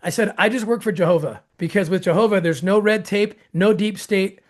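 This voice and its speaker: A man hosting an interview tells a long story with excitement. He acts out the voices of other people, with his pitch jumping up sharply, restarts often, and laughs as he goes. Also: brisk. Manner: excitable, acts out quoted dialogue with jumps in pitch. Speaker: host.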